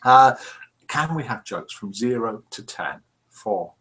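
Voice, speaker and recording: A man's voice: mid-range voice, sing-song, slow, vocal fry, a bit bright. An older man hosting a live chat stream, reading out viewers' messages in a chatty, self-deprecating way with many "uh" fillers. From England. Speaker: host of a live chat show.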